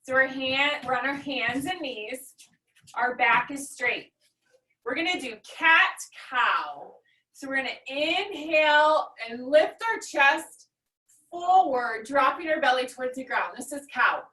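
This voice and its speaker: A woman teaching a children's yoga class, giving gentle, instructive breathing cues with playful animal noises. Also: high voice, lively intonation, unhurried. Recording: echoey room, far from mic.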